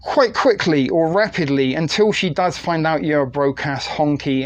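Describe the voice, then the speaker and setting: A middle-aged British man from the UK hosting a crude, rambling late-night live stream on his phone and reading viewer chat aloud. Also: medium pitch. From United Kingdom.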